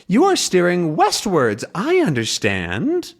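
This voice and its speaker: A man doing a high, excited, befuddled old professor. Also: takes it slowly, gravelly, exaggerated voice. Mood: pleased. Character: deaf, confused old male professor.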